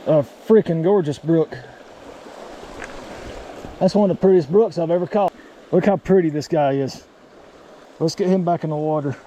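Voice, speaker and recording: Brief: young man, casual outdoor vlogger, high voice, folksy exclamations, faint stream noise. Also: moderate pace, long pauses, warm tone. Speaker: fly fishing vlogger. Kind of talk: casual outdoor vlog narration. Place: outdoors by a mountain creek.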